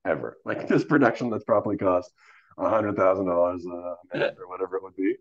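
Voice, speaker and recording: A man's voice: sits low, fast, dull audio. A man, an actor guest in a casual interview, telling stories animatedly with many fillers and acting out quoted dialogue.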